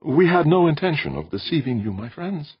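A placid, courteous alien elder, as a man reads him, explains things with unhurried patience. The voice sits higher than the reader's own and stays husky. The audiobook recording is dull and dry. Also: sing-song, no echo, exaggerated voice. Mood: calm, placating.

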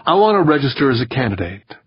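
A woman's voice: a bass voice, very animated, fast, slightly rough, dry recording, pitched above the performer's own voice, exaggerated voice. A man voicing a determined young woman. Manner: firm and direct, a little hesitant when challenged. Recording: dull, dry, slightly muffled recording.

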